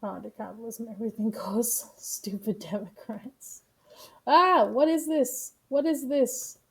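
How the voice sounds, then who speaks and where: A woman streamer giving casual, profane commentary on the news, blunt and quick to laugh. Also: a little high, gravelly.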